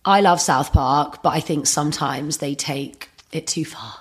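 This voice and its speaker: A woman co-hosts a podcast with blunt, emphatic opinions and casual swearing. Her voice is very low for a woman. It has a husky edge throughout. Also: unhurried. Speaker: podcast co-host. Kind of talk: casual chat.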